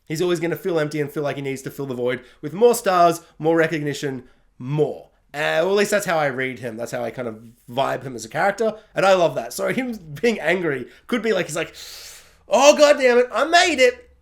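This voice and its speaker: A man giving a casual spoken review of a TV series, chatty and animated, laughing often and talking in loose, filler-heavy sentences. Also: fairly high pitch, brisk, creaky. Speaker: YouTube TV reviewer.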